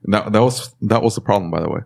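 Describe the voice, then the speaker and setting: A man's voice: on the low side, rapid-fire, vocal fry. A man co-hosting a podcast, talking in a casual, rambling way as he explains what went wrong with an editing job. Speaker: podcast co-host. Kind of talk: casual chat.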